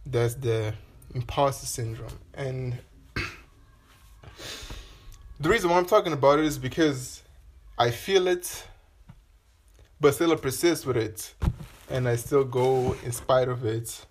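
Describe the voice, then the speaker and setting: A man's voice: mid-range voice, a little slow, pauses often. Casual male podcast host, solo monologue, rambling delivery with casual swearing, mid-range voice.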